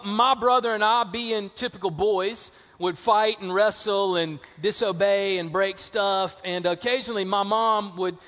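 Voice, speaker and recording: A man with a Southern US accent preaching a sermon, telling stories in a casual, lively way. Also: sits high, big-room sound. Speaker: pastor.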